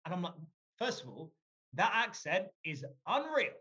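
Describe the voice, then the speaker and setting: A man speaking as a guest, telling a story in a lively, joking way and swearing casually. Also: high-pitched, normal speed, dull audio, slight background noise.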